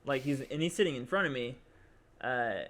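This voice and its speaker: A man's voice: mid-range voice, animated, normal speed, a bit bright. A young man co-hosting a podcast, telling a long story in casual chat, rambling with lots of fillers and acted-out quotes. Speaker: podcast co-host.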